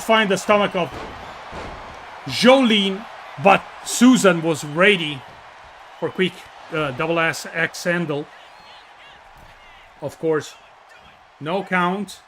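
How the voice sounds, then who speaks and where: A man with an Italian accent calling wrestling play by play, bursting into shouts on big moves and joking with his co-hosts. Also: high voice, a little hiss or hum. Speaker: wrestling commentator. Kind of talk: excited play-by-play commentary.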